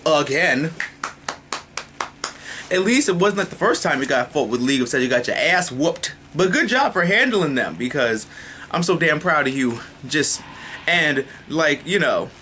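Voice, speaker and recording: Excitable swearing man reviewing a TV episode. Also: on the high side, slight background noise. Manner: excitable, swears freely, talks fast with restarts. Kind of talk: casual spoken review.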